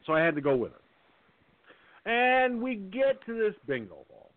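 A man from Peekskill, New York, telling a long anecdote in a casual, animated way and acting out the voices. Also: high-pitched, measured pace, no echo. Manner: animated storyteller, acts out the voices. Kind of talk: casual storytelling. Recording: tinny phone line.

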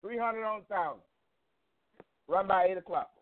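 A man's voice: high-pitched, normal speed, no room sound. A man hosting a heated call-in show, cursing, repeating himself and arguing with the racers on the line. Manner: profane, repeats himself, argumentative. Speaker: host taking racers' calls. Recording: phone-line audio with chatter behind.

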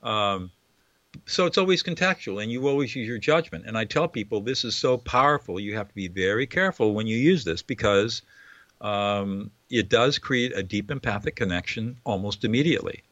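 A man's voice: on the low side, a bit bright, no room sound, highs cut off. A man, a mediator and author, explaining with earnest emphasis in an interview.

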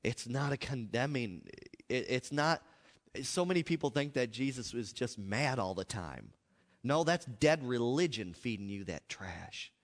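A male pastor preaching a sermon, swinging between loud outbursts and hushed asides. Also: medium pitch, animated, unhurried. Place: church. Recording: echoey hall.

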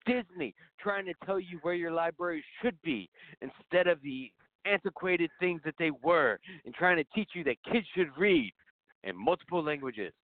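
A man's voice: a little high, lively intonation, moderate pace, dry recording. A man co-hosting a podcast who argues his side of a film in a laid-back, joking way. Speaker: podcast co-host. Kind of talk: casual film discussion. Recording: dry, phone-like narrow audio.

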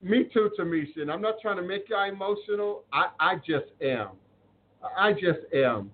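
Man, live-stream spiritual host, fairly high voice, earnest, preachy, repeats lines; phone-like sound. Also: animated, normal speed. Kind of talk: live-stream talk, reading viewer comments. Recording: phone-like audio with faint noise.

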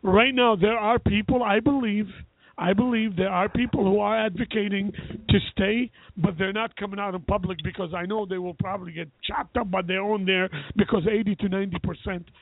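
High gravelly guy arguing on call-in radio, sounds like a phone line. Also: steady tone, brisk, dry recording. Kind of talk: heated call-in radio discussion. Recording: tinny dry phone line.

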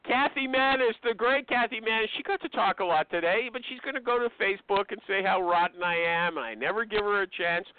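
A brash, teasing male talk show host with a high voice. He banters loosely and slips into pushy sales pitches. The sound is thin and tinny, like a phone line. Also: brisk, few pauses, clean tone. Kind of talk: casual call-in talk show.

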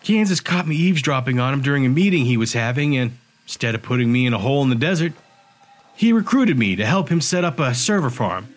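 A man voicing a sharp-tongued young woman bartender and hacker, talking bluntly and casually in an audiobook. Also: medium pitch, lively intonation, fast talker, lightly acted. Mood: matter-of-fact.

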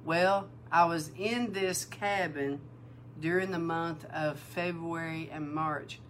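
A woman minister giving a sermon-style testimony, animated and emotional, acting out the dialogue in her story. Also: low voice, slow pace, a little hiss or hum. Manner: emotional, near tears. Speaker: prophetic minister.

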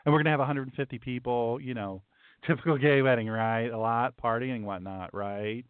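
A man's voice: mid-range voice, steady tone, a little fast, clean tone, dry recording, voice pushed down, lightly acted. A man voicing a chatty young man who asks about ordering a wedding cake, in a breezy, friendly, rambling way. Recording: tinny, dry phone-like sound.

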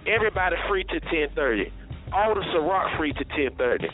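A man's voice: fairly high pitch, very animated, fairly quick. A man hosting a casual radio show, joking loosely and hyping a party. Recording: tinny phone-like audio with faint music.

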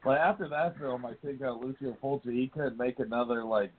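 A man's voice: medium pitch, fairly even intonation, a little fast. Swearing man on a tinny line. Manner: casual, swears freely, trailing off. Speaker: podcast co-host. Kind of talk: casual chat. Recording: tinny phone-like with faint noise.

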